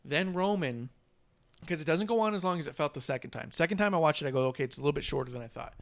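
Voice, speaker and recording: Animated man recapping wrestling, slightly high. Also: rapid-fire, vocal fry. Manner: animated storyteller, acts out wrestlers' lines. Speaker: podcast co-host. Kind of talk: casual wrestling recap chat.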